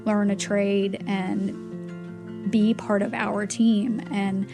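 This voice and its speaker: A woman with a slightly gravelly voice tells a story in an interview. She is animated and acts out what the other people said. Soft music plays faintly behind her. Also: mid-range voice, drawn-out words. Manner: lively storyteller who acts out dialogue and laughs often. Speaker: charity fundraiser guest.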